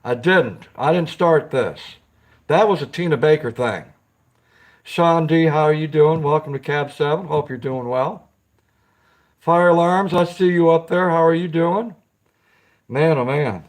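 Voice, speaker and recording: A man's voice: a little high, measured pace. A man hosting a casual live stream, chatting with viewers, greeting them by name and giggling often.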